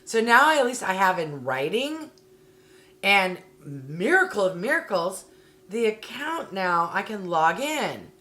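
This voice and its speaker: A woman with a medium-pitched, sharp voice reviews a beauty subscription box in a casual unboxing vlog, speaking slowly but very animatedly. She's chatty and full of "like" and "um," and her rants turn heated and exasperated.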